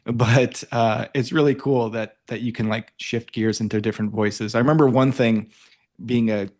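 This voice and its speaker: A man's voice: mid-range voice, steady tone, normal speed, a little mellow. A young Canadian man hosting a podcast interview in an easygoing, upbeat manner. He chats along casually, often restarting his sentences as he goes. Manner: upbeat, chatty, with filler restarts. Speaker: podcast host.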